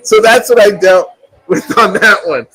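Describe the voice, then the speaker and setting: A man's voice: high voice, unhurried, low-quality recording. A man hosting a live stream from a restaurant, telling a story and acting out the voices of the people in it. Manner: animated storyteller, acts out quotes, laughs often. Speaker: show host.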